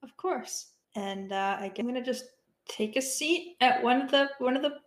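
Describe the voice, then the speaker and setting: A woman with a fairly high voice plays a tabletop role-playing game. She talks hesitantly, with many restarts, fillers and nervous laughs. The sound is roomy and echoey. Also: moderate pace. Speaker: player.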